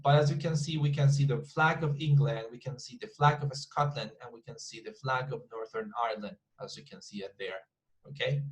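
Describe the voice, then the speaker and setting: In a rough recording, a Spanish-speaking man teaches English online with a brisk, mid-range voice. He restarts a lot and says words over again so students can hear the pronunciation.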